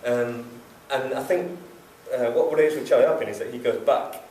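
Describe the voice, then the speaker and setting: A Yorkshire man speaks thoughtfully about his writing, pausing and restarting often. His mid-pitched voice rings around a roomy festival venue and is picked up from well back in the room. A faint murmur of the space hangs behind him. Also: darkish tone, recorded from a distance, a little hiss or hum. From Wakefield, England. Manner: thoughtful, halting, many ums. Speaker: author. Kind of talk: book launch talk and reading. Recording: echoey room picked up from afar.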